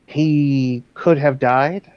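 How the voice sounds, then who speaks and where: Man playing a calm veteran werewolf mentor. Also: mid-range voice, drawn-out words, smooth, no room sound. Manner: calm, patient, reassuring. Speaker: game master. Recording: dull dry lo-fi recording.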